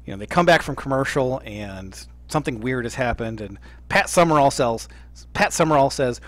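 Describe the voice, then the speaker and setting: A man hosting a live sports chat show, animated and jokey, fond of mimicking lines. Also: mid-range voice, normal speed, no room sound. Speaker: podcast host. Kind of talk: casual chat.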